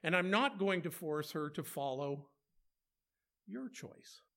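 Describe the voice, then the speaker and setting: A man's voice: fairly high pitch, expressive, takes it slowly, gravelly, sharp tone. A man preaching a conversational sermon, asking rhetorical questions and slipping in playful asides.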